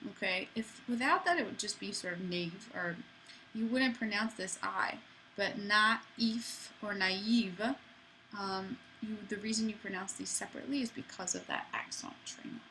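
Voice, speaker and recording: A woman's voice: mid-range voice, pushed and bright, slight background noise, poor audio. A woman teaching a French lesson to students in a chatty way, with playful asides. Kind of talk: classroom lesson.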